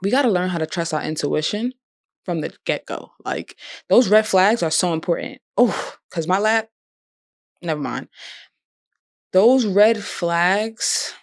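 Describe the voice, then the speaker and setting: A woman's voice: fairly low pitch, lively intonation, moderate pace, vocal fry, no echo, studio quality. A young woman vlogger, talking in a heartfelt, conversational way about healing and forgiveness. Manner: heartfelt, conversational, drops into bursts of laughter. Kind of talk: emotional personal reflection.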